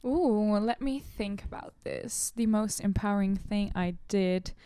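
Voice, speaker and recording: A woman's voice: mid-range voice, measured pace, dark tone, a little hiss or hum. A woman guest on a podcast in a small studio, chatting in a giggly, easygoing way. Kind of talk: casual podcast chat.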